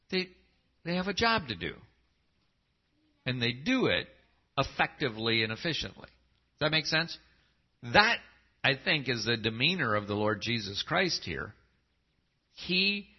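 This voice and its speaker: A husky man preaches a sermon in a loose, conversational way. His pitch rises and falls a lot as he asks the congregation questions. The recording is dull and lo-fi. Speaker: pastor.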